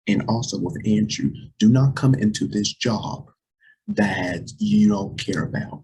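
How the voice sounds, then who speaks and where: A young man hosting a casual talk show, chatty and repetitive, speaking to viewers as "you guys", with a voice that cracks and drops deep. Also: gravelly, a little mellow, breathy edge, low-quality recording. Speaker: host.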